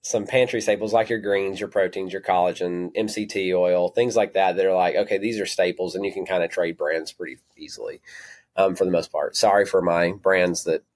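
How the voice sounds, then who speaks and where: Deep-voiced Southern man, rambling retailer. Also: fairly even intonation, fairly quick, a little mellow. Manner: rambling, self-correcting, apologetic asides. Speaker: natural products retailer, guest. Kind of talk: conversational podcast interview.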